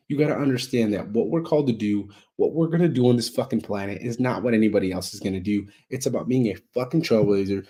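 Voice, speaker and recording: A man's voice: fairly low pitch, mellow, husky. Blunt, profane man giving motivational talk. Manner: blunt, heavily profane, preachy; repetitive emphatic buildup. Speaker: motivational speaker. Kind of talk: unscripted motivational monologue.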